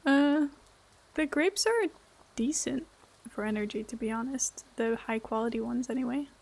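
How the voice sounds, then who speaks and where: A woman's voice: a little high, normal speed, vocal fry, darkish tone. A woman streaming a game, chatting casually with her viewers and laughing often. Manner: giggly, chatty, answering chat. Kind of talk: casual gameplay chat.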